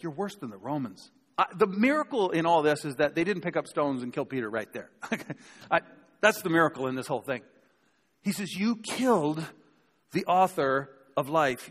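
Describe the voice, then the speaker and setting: A pastor with a rather high, slightly bright voice preaches a sermon conversationally, acting out the people he quotes. Long hall reverb colors the recording.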